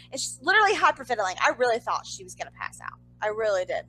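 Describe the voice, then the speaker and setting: A young woman co-hosting a podcast, telling a story in casual chat with animated, exasperated asides. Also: high voice, fast talker, hardly any pauses, low-quality recording. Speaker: podcast co-host.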